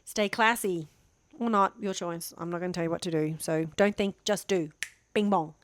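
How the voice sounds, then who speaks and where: Her lowish voice is brisk and fairly even in intonation. This middle-aged former teacher vlogs casually from home by a main road, rambling chattily and self-deprecatingly about herself to camera; a stand-mounted mic faces her while the camera points elsewhere.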